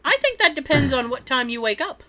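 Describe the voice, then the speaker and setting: A woman's voice: high-pitched, expressive, fairly quick, sharp tone, a little hiss or hum. A woman co-hosting a casual podcast, reading listener stories aloud, often laughing and swearing casually. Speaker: podcast co-host.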